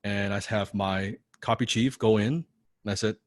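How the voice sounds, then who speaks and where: A man's voice: fairly low pitch, fairly even intonation, normal speed, dry recording. A man coaching a live online class, blunt and profane, repeating key lines and often asking "right?". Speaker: copywriting coach.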